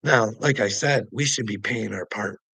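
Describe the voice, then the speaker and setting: A man's voice: lowish voice, moderate pace, gravelly, bright, forceful tone, husky, no echo, poor audio. A man from Canada, ranting profanely at his viewers about politics and laughing between points. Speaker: vlogger. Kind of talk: angry political rant to viewers.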